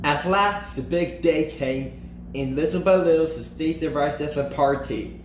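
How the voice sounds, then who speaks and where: A man reading a children's storybook aloud in an animated way, slowing down and lifting his voice for emphasis. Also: roomy sound, a little hiss or hum, poor audio. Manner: animated, slows and lifts pitch for emphasis and character lines. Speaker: storybook reader.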